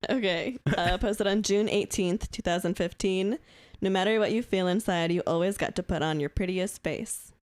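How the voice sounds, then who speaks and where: A woman's voice: medium pitch, moderate pace, a little mellow. A woman co-hosting a podcast, reading out captions in casual chat and often breaking into giggles. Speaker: podcast co-host.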